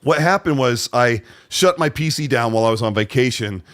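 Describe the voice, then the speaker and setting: A man's voice: medium pitch, lively intonation, a little fast, a bit bright, dry recording, clean studio sound. A man hosting a gaming podcast, talking in a laid-back, hesitant way with lots of fillers. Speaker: podcast host. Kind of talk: casual podcast chat.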